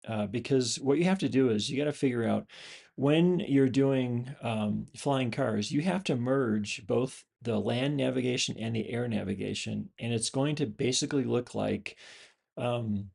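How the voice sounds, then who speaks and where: A man's voice: medium pitch, unhurried, gravelly, a little mellow, slightly rough. A man, a host and former pilot, explaining a screen display in a loose, rambling way with many fillers and restarts. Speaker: channel host, former pilot and flight instructor.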